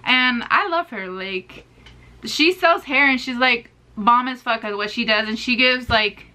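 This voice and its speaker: A woman's voice: fairly high pitch, a little slow, sharp tone. A woman of twenty-one, answering get-to-know-me questions in a casual, sassy vlog while chewing gum. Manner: chatty, sassy, playful asides to viewers. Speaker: beauty vlogger.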